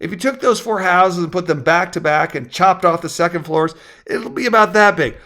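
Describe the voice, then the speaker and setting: A man's voice: high voice, moderate pace, bright, forceful tone, pitched above the performer's own voice. A man voicing a friendly, joking older man with a cheerful, chatty manner in a spoken story. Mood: explaining.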